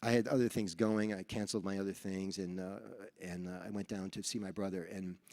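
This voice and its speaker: A New York man, a Rotary speaker at a training seminar, delivers a motivational speech woven with storytelling in a large event hall that makes the recording reverberant. His voice is low and fairly quick, and he's an animated storyteller who acts out dialogue.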